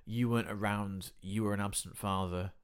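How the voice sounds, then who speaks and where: An easygoing man sits in as a guest on a casual film chat, his voice a little low. He speaks in a relaxed way and agrees readily, often keeping his replies short. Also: normal speed, clear, resonant tone.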